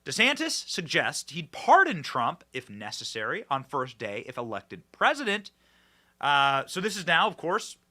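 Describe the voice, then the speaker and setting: A man hosting a political commentary show, talking in an animated, emphatic and mocking way, often repeating his words. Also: a little high. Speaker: podcast host.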